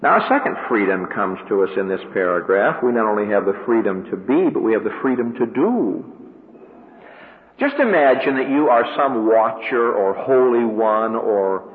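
A man's voice: animated, moderate pace. Emphatic male radio preacher, tinny. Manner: emphatic, with sudden pitch rises on key words. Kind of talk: radio sermon. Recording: narrow, tinny radio broadcast with long reverb.

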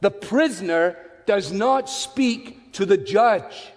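Male preacher, high voice, conversational sermon with asides, reverberant church hall. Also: expressive, slow pace. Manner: conversational, with chatty asides and self-corrections. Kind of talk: expository sermon.

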